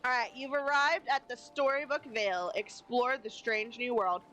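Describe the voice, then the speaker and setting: A woman streaming a game from her home desk setup, talking into a desk mic. She chats casually and playfully, often poking fun at herself. Her voice sits a little high. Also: steady tone, moderate pace, bright, forceful tone, faint music behind, poor audio. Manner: chatty, playful, self-deprecating asides. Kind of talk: casual live-stream commentary.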